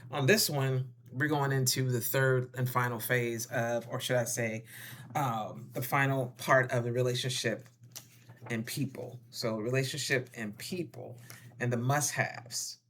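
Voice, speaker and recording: A wellness vlogger giving casual relationship advice to viewers, playful and animated, calling them darling and honey and acting out little scenes. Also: medium pitch, unhurried, a little hiss or hum. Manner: addresses viewers with endearments and slang.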